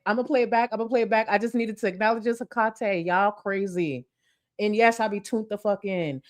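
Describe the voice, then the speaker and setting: A woman YouTuber giving blunt, profane casual commentary who sometimes bursts into excited shouting. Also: mid-range voice, brisk.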